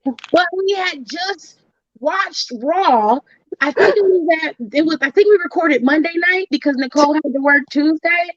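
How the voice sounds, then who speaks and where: High-voiced woman telling a heated story. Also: normal speed, no room sound, dull audio. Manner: animated storytelling, acts out quotes, swears freely. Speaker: podcast host. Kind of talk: casual chat.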